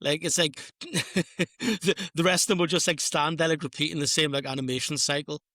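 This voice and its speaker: A man's voice: fairly high pitch, moderate pace, sharp tone, dry recording, clean studio sound. A man co-hosting a film podcast, chatting casually with sweary, jokey asides. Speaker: podcast co-host. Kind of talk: casual film review chat.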